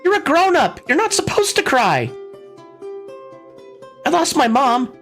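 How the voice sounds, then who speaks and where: Man putting on a little girl voice, high, stubborn, scolding, faint guitar behind. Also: very animated, measured pace, fairly bright tone, exaggerated voice. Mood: stern.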